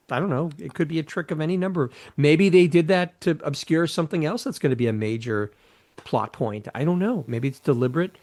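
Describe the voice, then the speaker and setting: A man in a relaxed conversation, speaking at a middle pitch. He talks in a hesitant, measured way and keeps restarting his thoughts before landing on a point. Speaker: podcast guest. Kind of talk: casual chat.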